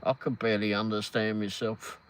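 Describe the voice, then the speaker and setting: His voice is lowish and steady at normal speed, captured on a low-quality recording. This English-accented livestream host in his fifties chats casually, wandering off topic, reading out chat messages and laughing frequently.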